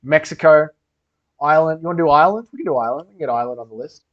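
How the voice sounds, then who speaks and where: A young man with a voice on the high side talks rapid-fire while hosting a casual livestream Q&A. He reads chat aloud and banters crudely, swearing heavily, over dull lo-fi stream audio.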